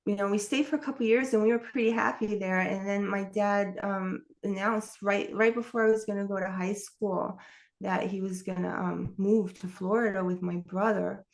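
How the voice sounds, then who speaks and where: With a medium-pitched voice and vocal fry, a middle-aged New York woman appears as an interview guest and candidly recounts her life story. Her personal testimony rambles and is punctuated by frequent laughs.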